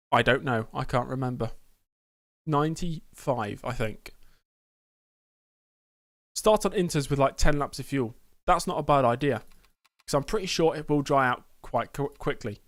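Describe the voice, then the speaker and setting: A man chats with viewers while livestreaming a racing game, joking through a pretend press conference and calling people mate. His voice sits a touch high. The sound is dry and close, with no room around it. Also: lively intonation, unhurried, pauses often, dry recording. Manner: joking, banter with chat, addresses viewers as mate. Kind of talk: casual livestream chat, mock press conference. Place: indoor streaming setup with green screen.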